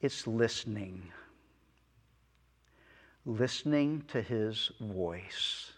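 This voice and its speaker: A man preaching a sermon in a church hall, in an earnest, unhurried way. His voice sits at a middle pitch, and a long reverb trails each phrase. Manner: slow, earnest preaching with soft asides and chuckles. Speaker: pastor.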